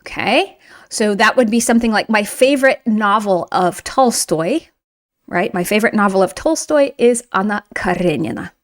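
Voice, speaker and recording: A woman teaching a Russian grammar lesson in a chatty, emphatic way, slowing down to read example sentences. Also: medium pitch, animated. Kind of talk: online language lesson.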